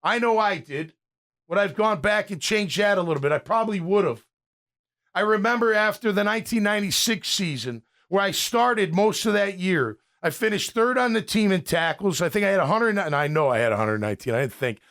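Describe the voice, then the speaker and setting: In his fifties, a former pro linebacker now hosting a sports talk podcast rants in a fired-up way, often restarting his sentences. His high-pitched, bit bright voice has lively intonation and moves a little fast.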